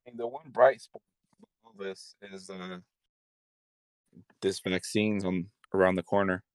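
A lowish-voiced man from California talks over an internet call, swearing freely and ranting with heat. The sound is dry and close, with no room around it. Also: steady tone, a little slow, dry recording. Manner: profane, ranting, heated. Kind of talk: casual chat over a video call. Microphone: video call over the internet.

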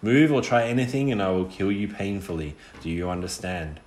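A man voicing a cold, menacing adult killer who speaks in a smooth, mocking, threatening way in an audiobook reading. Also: sits low, lively intonation, fairly quick, a little mellow. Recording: roomy echo.

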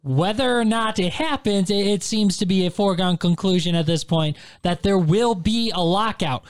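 A man's voice: high voice, normal speed, clean tone. A man hosting a casual sports talk show, steering the segment and plugging social media handles in an upbeat way. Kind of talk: casual sports radio chat.

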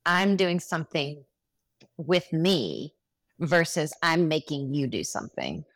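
A woman hosting a podcast who reflects on her guest's points and asks thoughtful questions. Her voice sits fairly low. The sound is dry and close. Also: lively intonation, slow pace, a bit bright, no room sound. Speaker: podcast host. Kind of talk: podcast interview.

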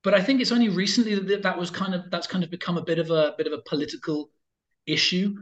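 A man's voice: high-pitched, fairly even intonation, fast, highs cut off. A man chatting casually as an interview guest, talking in loose, rambling sentences full of fillers and restarts.

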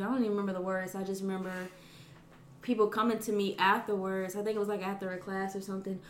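A woman's voice: mid-range voice, little pitch movement, quick pace. A woman speaks hesitantly and reflectively, with frequent laughter. She is chatting casually as a podcast guest. The room around her is echoey, with faint background noise. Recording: roomy echo.

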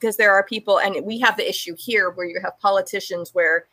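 A woman with a Californian accent, chatting casually as a podcast host with animated asides. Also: mid-range voice, no room sound. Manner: animated, quick asides and laughs. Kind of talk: casual chat.

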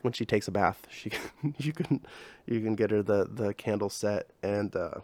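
A man's voice: on the low side, moderate pace, mellow. A young man hosting a podcast, chatting in a casual, rambling way, full of slang, swearing and fillers. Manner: profane, slangy, filler-heavy. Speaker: podcast host. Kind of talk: casual rambling comedy chat.

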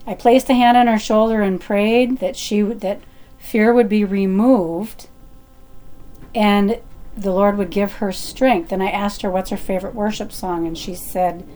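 A middle-aged woman telling a personal story in a chatty, animated way, with fillers and restarts. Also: mid-range voice, measured pace.

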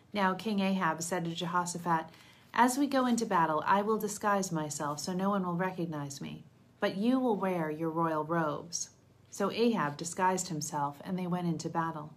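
A woman reads scripture aloud in a lowish voice, steady and measured. She gives the quoted speech a light touch without really acting it out. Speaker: Bible reader.

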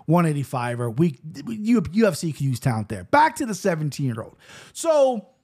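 A man in his thirties talks through fight results in a loose, rambling host style. His voice sits a little high, and he trips over words while hurrying through betting picks and the odd curse. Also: very animated, darkish tone, slightly rough. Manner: rambling, fast-talking with frequent restarts and swearing. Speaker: show host. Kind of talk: casual MMA betting commentary.

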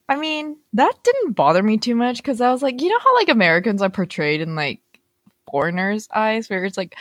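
A young woman co-hosting a casual podcast chat, talking quickly with lots of filler words and animated retellings. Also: on the high side, no room sound, clean studio sound. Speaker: podcast co-host.

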